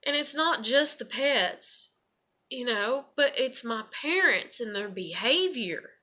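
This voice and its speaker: A woman's voice: on the high side, lively intonation, slow pace, sharp tone. A young woman, venting in a rambling, emotional and frank monologue. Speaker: vlogger.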